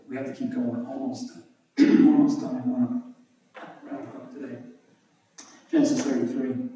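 A man preaching a sermon and reading scripture aloud, animated and emphatic, his voice jumping up on key words. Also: mid-range voice. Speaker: pastor. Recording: echoey room, voice from a distance.

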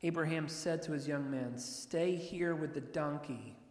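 A man preaching a sermon, reading scripture slowly and with emphasis, then explaining it in an expressive way. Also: a little high. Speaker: pastor. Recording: echoey hall.

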